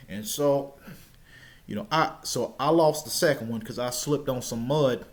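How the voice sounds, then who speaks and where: A young man casually telling a personal story, stammering now and then and shouting out the lines he quotes. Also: mid-range voice, measured pace.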